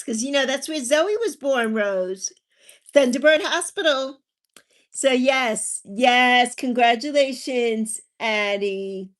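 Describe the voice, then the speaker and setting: A woman's voice: a little high, unhurried. A woman in her forties hosting a casual livestream, chatting with viewers and telling family stories. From Virgin Islands. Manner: chatty, warm with viewers, drifting into personal stories. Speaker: livestream host. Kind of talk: casual livestream chat, reading viewer comments.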